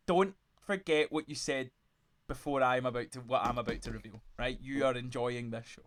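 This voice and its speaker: A man's voice: mid-range voice, steady tone, a little fast, a bit bright. A man hosting a casual podcast chat, arguing his side and cutting in with many restarts. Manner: argumentative, interrupts, many restarts. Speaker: podcast host.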